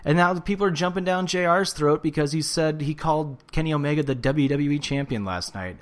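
A man co-hosting a casual wrestling podcast, ranting and swearing with animated bursts of shouting. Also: on the high side, fairly quick. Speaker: podcast co-host. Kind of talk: casual wrestling recap chat.

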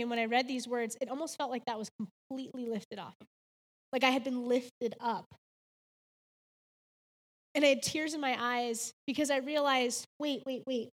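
A woman in her thirties speaks in a high, bright voice, giving a heartfelt faith devotional. She tells her story earnestly and drops in casual "like"s. A long reverb hangs behind her words.

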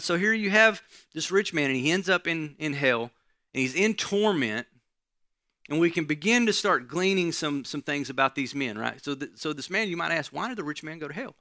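A man preaching a sermon in a gravelly, bright voice. He teaches in a conversational way and keeps checking in with his listeners. The sound is dry and close. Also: on the high side, dry recording. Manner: conversational teaching, frequent "right?" asides.

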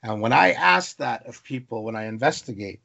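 A man from Canada, a guest on a podcast, telling stories about the wilderness in an animated way, piling up long lists of things. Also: medium pitch, moderate pace, vocal fry, lo-fi sound. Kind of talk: storytelling interview.

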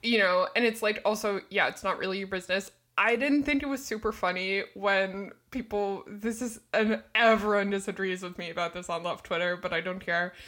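Young woman podcast co-host, loose and animated, curses freely, laughs a lot. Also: mid-range voice, a little fast, hardly any pauses. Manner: animated, swearing, laughs often. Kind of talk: casual chat.

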